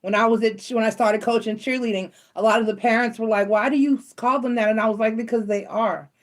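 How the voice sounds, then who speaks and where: Animated blunt woman telling a story. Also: a little high, fast. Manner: animated, blunt, swears casually, acts out quoted voices. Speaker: tarot reader and channel host. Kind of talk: casual storytelling chat.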